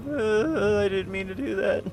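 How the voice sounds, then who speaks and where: A man's voice: high voice, unhurried, a little mellow, faint music behind. A man streaming a game live, joking with his chat, swearing at misses and reading item text aloud. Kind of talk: live gameplay commentary.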